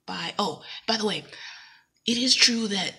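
A very husky, breathy woman with a gravelly edge talks casually to her camera in a bright, forceful tone. She rambles with plenty of fillers, slips into a whisper now and then, and acts out what other people say. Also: mid-range voice, unhurried. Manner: rambling and animated, acting out quoted dialogue; drops into whispers at times. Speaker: vlogger.

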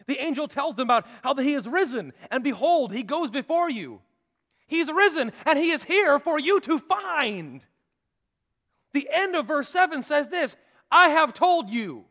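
High-voiced pastor preaching in a reverberant church. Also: male voice, fairly bright tone. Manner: preacherly, rising to emphatic declarations. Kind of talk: sermon.

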